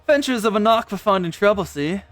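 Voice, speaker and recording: A man voicing a gruff male tavern owner in a video game, with a rough sailor's brogue that keeps slipping. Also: high-pitched, lively intonation, quick pace, no echo, faint music behind, voice pushed up. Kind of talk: reading game dialogue aloud.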